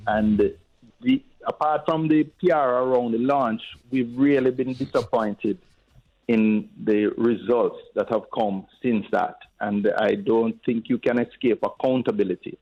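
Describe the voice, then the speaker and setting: A man who is a guest politician, speaking in a measured, hesitant way with many fillers during a radio interview. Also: medium pitch, highs cut off.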